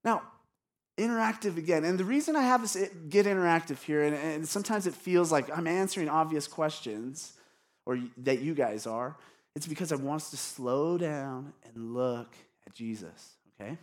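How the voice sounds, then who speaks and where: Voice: mid-range voice, animated, normal speed. Pastor preaching casual-like, chatty, keeps asking the crowd stuff. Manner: casual, conversational, asks the congregation questions. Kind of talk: sermon.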